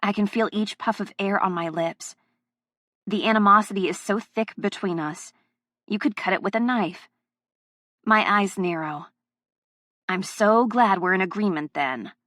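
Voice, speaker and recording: A woman's voice: mid-range voice, measured pace, pauses often, fairly bright tone, no room sound, clean studio sound. A woman narrating a first-person audiobook, with a heated, emotionally charged delivery.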